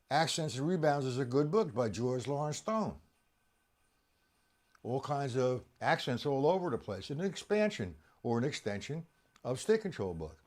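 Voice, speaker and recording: Animated male drum teacher, lively pitch. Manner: animated, explanatory, talks to viewers by name. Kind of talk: live-streamed drum lesson.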